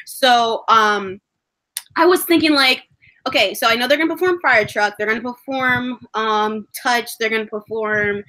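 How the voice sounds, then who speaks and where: A young woman chatting casually, telling excitable stories and acting out her own screaming. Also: on the high side, moderate pace. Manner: excitable storyteller, acts out fangirl screams. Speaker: vlogger. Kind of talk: casual chat.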